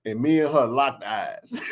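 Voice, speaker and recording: A man in his forties hosting a sports podcast, telling neighborhood stories in a laughing, slangy way. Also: medium pitch. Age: 40s. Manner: laughing, animated storyteller with slang. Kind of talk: casual storytelling chat.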